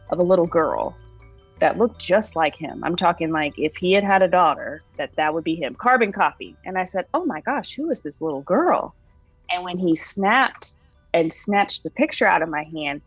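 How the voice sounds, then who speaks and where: A woman's voice: on the low side, dry recording, dull audio. A woman being interviewed, candidly recounting her own story in a casual, conversational way with restarts and fillers.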